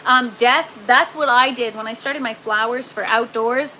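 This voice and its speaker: A woman's voice: a little high, normal speed, pushed and bright, a little hiss or hum, rough recording. A woman hosting a casual gardening live stream from an indoor grow tent, chatting with viewers and using lots of ums and "you guys.".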